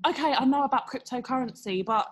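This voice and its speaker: Young woman, podcast co-host, animated storyteller, slightly high voice. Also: quick pace. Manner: animated, acts out quotes with exaggerated voices. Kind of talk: casual storytelling chat.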